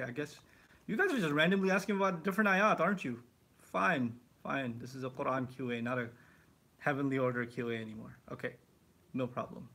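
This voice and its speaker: A man teaching the Quran in a live question-and-answer session, explaining with lively asides and rhetorical questions. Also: on the high side. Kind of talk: live Q&A lesson.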